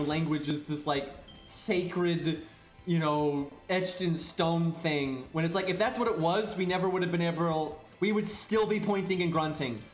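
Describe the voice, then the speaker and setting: A man's voice: sits high, reverberant. A man streaming live, ranting in a casual, profane way and tagging his points with "right?".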